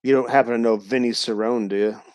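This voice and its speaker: A laid-back man speaking as a guest on a livestream. His voice sits in a middling pitch, and he curses casually and laughs often. The sound is dry and close, with no room in it. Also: steady tone, fast talker, darkish tone, no echo. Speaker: guest reptile breeder. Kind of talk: casual chat.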